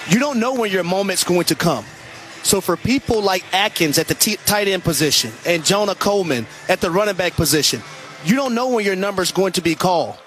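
A man with a notably high voice gives radio football analysis. He talks in an emphatic, conversational way, pressing each point home. A faint hum of background noise sits under his voice. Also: animated, brisk, fairly bright tone. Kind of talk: radio sports commentary.

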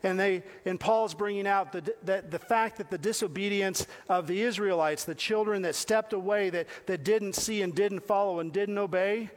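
A man's voice: high voice, normal speed, hardly any pauses. A man giving a conversational sermon, talking directly to his listeners with questions and repeated phrases. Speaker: preacher.

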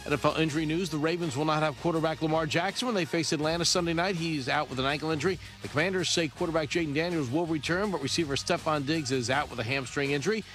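A male anchor reading a sports news update in a brisk, crisp newsreading manner. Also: a little high, fairly bright tone, faint music behind.

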